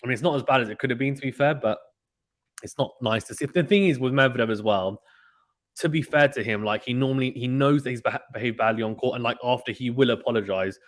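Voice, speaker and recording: A man doing casual live play-by-play tennis commentary, reading out chat messages in an excitable, slangy way. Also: medium pitch, quick pace, no room sound. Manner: chatty, excitable, uses British slang.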